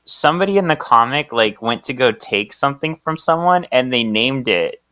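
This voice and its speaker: A man's voice: mid-range voice, expressive, pushed and bright, smooth, no echo, studio quality. A man co-hosting a podcast, chatty and playful as he recaps a comic. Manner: chatty, playful, does quick voices for characters. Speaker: podcast co-host. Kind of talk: casual chat recapping a comic.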